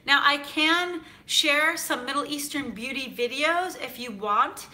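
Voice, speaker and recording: A woman from San Francisco hosts a cooking show, chatting casually in a live stream as she reads viewer comments, animated and full of fillers. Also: high-pitched, a little slow. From United States (San Francisco).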